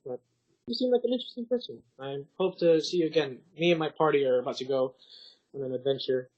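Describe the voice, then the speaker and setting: A man voicing a friendly, curious young woman adventurer, improvising her lines with hesitant pauses. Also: a little high, muffled recording, close to an everyday voice. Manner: hesitant, improvised in-character speech.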